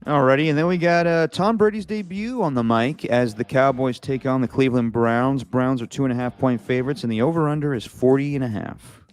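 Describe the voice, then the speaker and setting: A man co-hosting a casual sports picks chat over a video call, reading out matchups and then giving his takes in a relaxed way. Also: medium pitch, brisk, hardly any pauses, clear, resonant tone. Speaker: co-host reading out games and picks.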